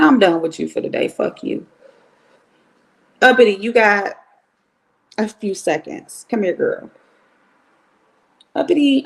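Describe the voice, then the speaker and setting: A woman's voice: mid-range voice, creaky. A middle-aged woman from Cleveland, ranting bluntly and profanely on a casual livestream. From Cleveland, Ohio. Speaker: livestream host.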